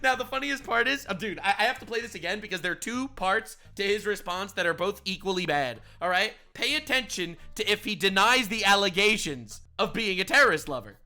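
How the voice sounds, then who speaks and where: A man giving sarcastic, mocking reaction commentary on a video clip, excitable and quick to ridicule. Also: high-pitched, soft background music. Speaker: commentary YouTuber.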